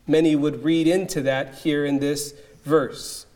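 Male preacher, slow and emphatic delivery with long pauses. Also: on the high side, level tone, a little mellow. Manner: emphatic, measured, with dramatic pauses. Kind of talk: expository sermon.

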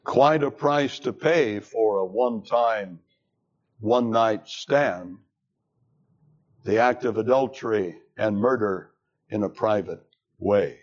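A man preaching a sermon, retelling a scripture story in a dramatic, deliberate way. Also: lowish voice. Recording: dull lo-fi recording.

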